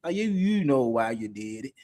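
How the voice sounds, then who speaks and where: Speaking at normal speed in a mellow, medium-pitched voice, a middle-aged man co-hosts a podcast with real animation. His unscripted talk is frank and full of swearing, and laughter keeps breaking into his sentences.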